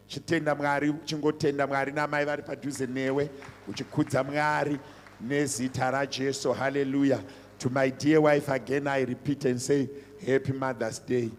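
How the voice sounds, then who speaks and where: A middle-aged pastor speaks with a fairly high voice, driving his points home through emphatic repetition. His sermon rings out with the long reverb of a church hall. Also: slight background noise. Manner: emphatic, repeats phrases, switches between languages.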